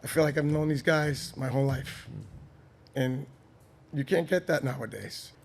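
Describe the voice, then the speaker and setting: In a candid, conversational interview, a Boston-accented man from Boston, Massachusetts, talks as a podcast guest with earnest bluntness and casual cursing. His medium-pitched voice is husky with vocal fry, at a normal speed.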